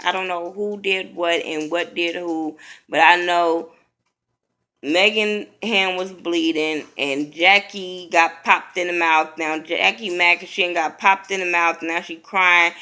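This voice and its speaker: A woman's voice: lowish voice, pushed and bright. A woman giving a blunt, profane, opinionated casual recap of a reality TV episode.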